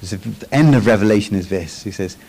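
A man with a fairly low voice delivers a casual, talky sermon, walking his listeners through scripture slide by slide. He keeps tossing in quick checks with the room and stumbles back into his sentences as he thinks aloud. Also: a little mellow, husky, rough recording. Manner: chatty, frequent tag questions and restarts. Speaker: Bible teacher.

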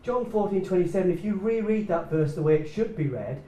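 A man preaching a sermon, swinging between loud excited bursts and quiet hushed lines. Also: sits high, brisk, few pauses, far from the mic. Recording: echoey room, speaker away from the mic.

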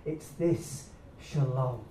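A man preaching a sermon, swinging between loud excited bursts and quiet hushed lines. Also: medium pitch, extremely slow, recorded from a distance, slight background noise. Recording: echoey room, speaker away from the mic.

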